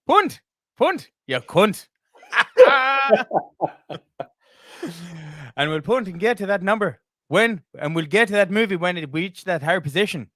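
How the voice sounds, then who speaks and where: A man's voice: sits high, very animated, racing, few pauses, a bit bright, no room sound, clean studio sound. A man putting on a hammy Irish accent. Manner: theatrical, overdone delivery. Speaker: podcast host.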